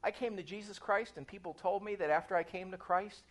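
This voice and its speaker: A woman pastor preaching a sermon, animated and asking her congregation questions. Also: medium pitch, a little fast.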